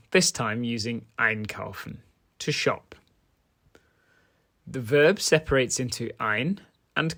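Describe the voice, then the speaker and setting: A man teaching a grammar lesson, switching between English and German in a clear, measured delivery. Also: medium pitch, a bit bright.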